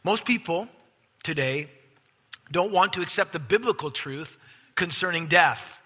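A man preaching a sermon as pastor, emphatic, swinging from loud stresses to hushed asides. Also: on the high side, lively intonation, measured pace, breathy edge. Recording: long hall reverb.

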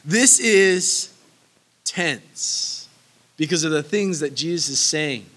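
Man preaching, high voice, bright and forceful tone, earnest, emphatic repetition, verse-by-verse sermon. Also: takes it slowly. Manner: earnest and emphatic, repeats key phrases; casual asides that break into laughter. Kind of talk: sermon, verse-by-verse Bible teaching.

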